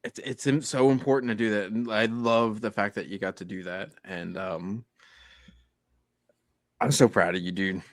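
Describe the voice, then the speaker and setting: A man's voice: fairly low pitch, fairly even intonation, normal speed, dry recording, studio quality. A man co-hosting a podcast, chatting casually with supportive, laid-back replies. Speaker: podcast co-host.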